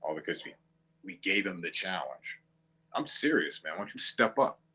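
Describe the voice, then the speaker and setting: A man's voice: low-pitched, very animated, normal speed, sharp tone, husky. A man streaming, ranting to viewers with a profane, mocking, combative manner. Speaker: online streamer.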